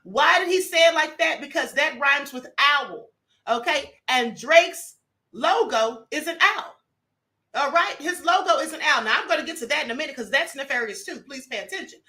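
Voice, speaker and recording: A woman with a high, bright voice hosts a casual commentary livestream. She talks in a chatty, emphatic way and keeps checking in with her listeners. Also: lively intonation, moderate pace. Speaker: live stream host. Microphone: computer mic on live stream.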